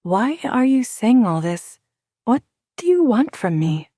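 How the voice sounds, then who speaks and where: A woman doing a sharp-tongued, guarded young woman. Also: fairly high pitch, sing-song, slow pace, no room sound, studio quality, voice pushed up, heavily acted. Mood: wary, sarcastic.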